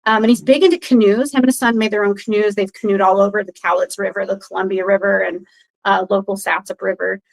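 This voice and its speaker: This woman talks fast in a gravelly, mid-range voice, guesting on a podcast over poor audio. She rambles through an animated story with lots of fillers, voicing what other people said.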